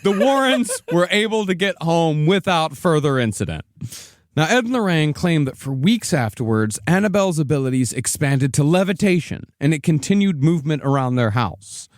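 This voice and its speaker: A man's voice: fairly high pitch, animated, normal speed, no room sound, clean studio sound. Wry male podcast storyteller. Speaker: podcast narrator co-host. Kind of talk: storytelling narration with jokes.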